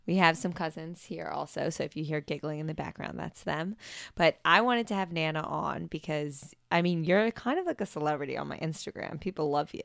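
A woman's voice: low voice, fairly quick, creaky, hardly any pauses, fairly bright tone, dry recording, clean studio sound. A young adult woman hosting a podcast, chatting and laughing easily with her grandmother in a home basement. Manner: friendly, chatty, laughs often. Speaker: podcast host. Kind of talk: casual podcast interview.

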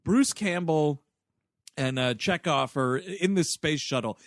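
Man, high lively voice, casual movie chat, dry close sound. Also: takes it slowly, no echo. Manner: animated, acts out characters in quotes. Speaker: podcast co-host.

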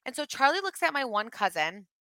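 A woman's voice: high voice, sing-song, a little fast, pushed and bright, dry recording. A woman in her thirties telling a rambling family story in casual podcast chat, full of fillers. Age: 30s. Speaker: podcast co-host.

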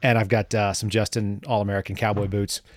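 Interview guest, male, lower register, dry close mic; chatty and wry, filler-heavy storyteller. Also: level tone, quick pace, dry recording. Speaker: guest, former government analyst.

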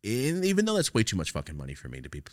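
A man hosting a casual podcast, telling stories in an animated way, swearing freely and laughing often. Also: on the low side, rapid-fire, dry recording, clean studio sound. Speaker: podcast host.

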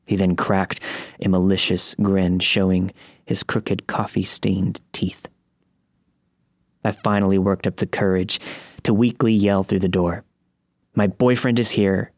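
A man narrating a first-person horror story in a steady, measured reading. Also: fairly low pitch, dry recording, studio quality.

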